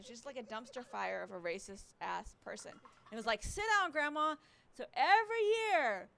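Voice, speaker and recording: A woman from Alabama performs a rambling, profane, self-mocking stand-up set on a resort stage before a live audience. Her voice is a little high and gravelly, with a fairly bright tone.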